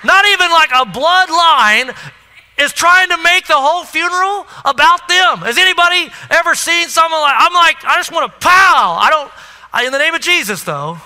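Preacher, male, lively storyteller with a very high, bright voice, echoey sanctuary sound. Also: moderate pace. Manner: animated storytelling, addresses the crowd. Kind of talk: sermon. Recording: echoey hall.

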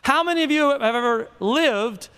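High-voiced preacher in a hall. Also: male voice, expressive, normal speed, bright, forceful tone, clear, resonant tone. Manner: conversational, playful, asks the crowd questions. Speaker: pastor. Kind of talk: sermon. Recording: reverberant hall.

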